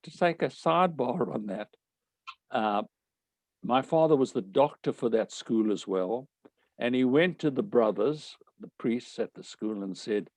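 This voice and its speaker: An older man, telling anecdotes from his life in a wry, animated way. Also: medium pitch, unhurried, no echo. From South Africa. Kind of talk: storytelling talk.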